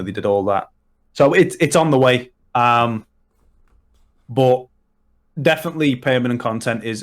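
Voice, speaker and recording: Rambling man with a Liverpool accent. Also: lowish voice. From Liverpool, England. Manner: long-winded, full of restarts and fillers. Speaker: podcast guest. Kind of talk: casual podcast chat.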